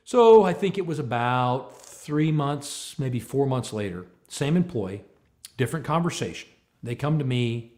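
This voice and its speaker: A man giving a talk on leadership, telling a story with lively, animated delivery and acting out both sides of a conversation. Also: medium pitch, normal speed. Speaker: speaker on leadership.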